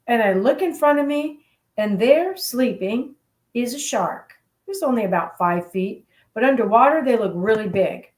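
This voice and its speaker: A woman hosting a radio show, telling a motivational story in an animated, playful way. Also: on the high side, normal speed. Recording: roomy echo.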